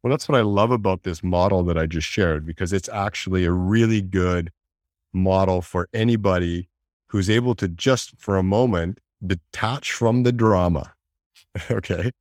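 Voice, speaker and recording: A man talking in a reflective conversation, animated, acting out inner voices and laughing often. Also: sits low, moderate pace, dry recording, studio quality.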